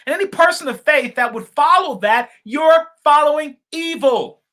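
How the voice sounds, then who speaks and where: A man's voice: extremely high pitch, expressive, moderate pace. Fervent man speaking straight to viewers. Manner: fervent, repetitive, swings between shouting and quiet asides; addresses viewers directly as y'all and folks. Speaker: live-stream political commentator. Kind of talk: impassioned live-stream talk, reading viewer comments.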